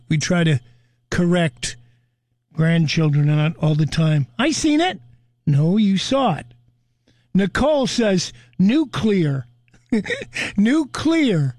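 High-voiced older man hosting morning radio. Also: a little mellow, dry recording. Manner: chatty, amused, reads out listener posts. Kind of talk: radio talk segment reading listener comments.

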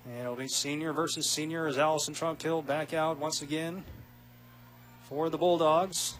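Man calling softball on the radio. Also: a little high, steady tone, slight background noise. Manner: quick, rising with big plays. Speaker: play-by-play announcer. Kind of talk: radio sports commentary.

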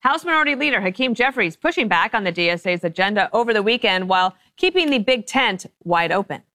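A woman hosting a TV panel talk show, brisk and conversational as she opens the hour and leads into clips. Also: mid-range voice, no echo. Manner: brisk, conversational, lively intros. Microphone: studio mic. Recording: dry studio sound.

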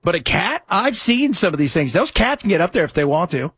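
A male talk radio host with a husky voice, chatting in a rambling, animated way and reading ads quickly. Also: high-pitched, no room sound, clean studio sound. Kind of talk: casual talk radio commentary.

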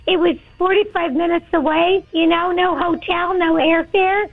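Hoarse high-pitched woman on a phone line. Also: fairly even intonation, normal speed. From Western Pennsylvania. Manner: chatty, hesitant with fillers. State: hoarse morning voice. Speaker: caller. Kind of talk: phone-in chat.

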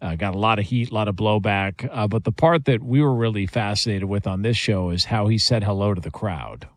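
A man's voice: on the low side, brisk. A man hosting a casual sports talk show, setting up the stories with a chuckle and lots of ums. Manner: lively, chuckling setup of stories.

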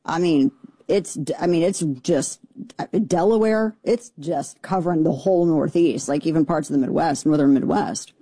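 A woman host delivers an opinionated commentary monologue, indignant and exasperated, often restarting her sentences. Her voice sits low and sounds mellow. The recording is dry and close. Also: normal speed, husky, dry recording.

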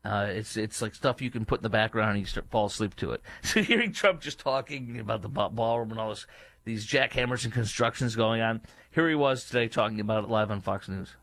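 A man hosting a political commentary show, delivering an indignant, emphatic rant that leaps up in pitch and loudness, then drops into low, muttered asides. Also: fairly quick, dry recording. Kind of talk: opinionated monologue.

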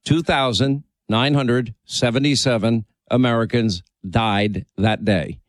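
A man hosting talk radio into a dry, close studio microphone. His pitch sits in the middle range. He presses his points with urgency and repeats phrases to drive them home. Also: steady tone, slow, dry recording. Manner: emphatic, urgent, repeats for emphasis. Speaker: radio talk show host.

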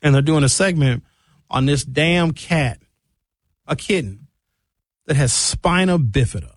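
In a studio, a male talk radio host delivers an opinionated rant, imitating people he mocks with squeaky comic voices. He's animated but unhurried, and there's no room sound at all.

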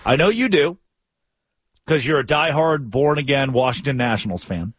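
A man's voice: mid-range voice, lively intonation, moderate pace, very noisy. A young man co-hosting a casual sports talk show, incredulously ranting and reading quotes aloud. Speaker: podcast co-host.

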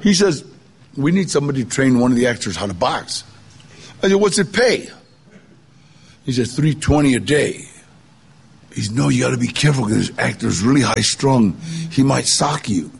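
A man's voice: medium pitch, big pitch swings, moderate pace, creaky, long pauses, husky. An older man telling his life story in a casual, conversational way, acting out the voices of people he quotes. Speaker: guest storyteller. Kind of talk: personal storytelling.

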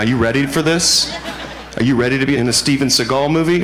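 A male stand-up comedian telling an animated, mock-panicked story in a live comedy routine. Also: mid-range voice, fairly quick. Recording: live recording with loud background noise.

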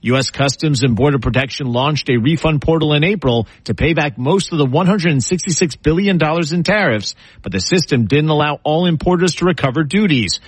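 A man reading the news as a radio anchor in a measured, steady newsroom delivery. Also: fairly high pitch, breathy edge, no echo, low-quality recording. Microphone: studio microphone.

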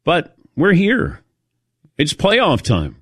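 A man's voice: fairly high pitch, huge pitch swings, extremely slow, fairly bright tone, no echo, studio quality. Self-mocking male sports talk host. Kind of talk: casual radio chat.

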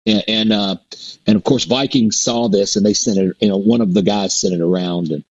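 Husky middle-aged man telling stories. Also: on the low side, steady tone, brisk, muffled recording. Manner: rambling, with many restarts and fillers. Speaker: performer and guest. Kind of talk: casual interview storytelling. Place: performs a resident show in a Mississippi theater.

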